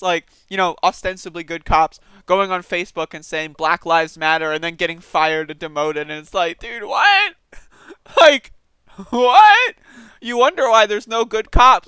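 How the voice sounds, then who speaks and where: A man's voice: high voice, bright, forceful tone, clean tone, no echo. A man giving casual, sarcastic news commentary, reading articles aloud and reacting with disbelief. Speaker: political commentary streamer.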